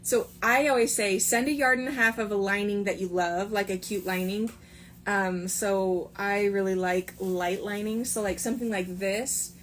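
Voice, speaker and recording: A woman's voice: mid-range voice, steady tone, normal speed, a bit bright, slight background noise. A woman in her sewing room giving a chatty, upbeat sewing tutorial with lots of fillers and asides. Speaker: sewing pattern designer teaching a sew-along. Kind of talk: casual tutorial talk.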